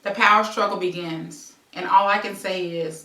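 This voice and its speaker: A woman's voice: lowish voice, steady tone, moderate pace, few pauses, sharp tone, roomy sound, far from the mic, a little hiss or hum, poor audio. A woman reading her own memoir aloud as a present-tense story, breaking off into conversational asides. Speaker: memoir author and host.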